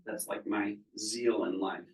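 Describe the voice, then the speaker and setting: In a training seminar room, a business coach with a lowish, steady voice speaks at a measured pace. He keeps the talk conversational and checks in with his audience, recorded from a distance in a roomy space.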